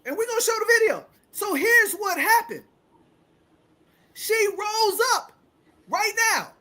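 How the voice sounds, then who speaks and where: A woman in her fifties hosts a podcast, her voice pitched extremely high and full of animation at a measured pace. She tells a story dramatically, calling out to her listeners as "ladies and gentlemen."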